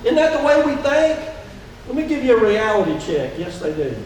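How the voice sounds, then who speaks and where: A high-voiced male pastor preaches in an easy, conversational way, firing questions at his congregation. He sounds set back from the microphone, with the church sanctuary ringing strongly around him and a faint hiss underneath. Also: very animated, fairly quick. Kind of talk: sermon. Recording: echoey church hall from a distance.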